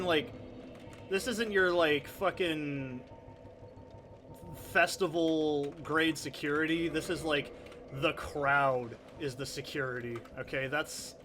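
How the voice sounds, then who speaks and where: A man's voice: fairly high pitch, a bit bright, a little hiss or hum. A young man doing casual, profane, rambling gameplay commentary from his home desk mic. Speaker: let's play commentator. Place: soundproofed home corner. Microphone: desk condenser mic.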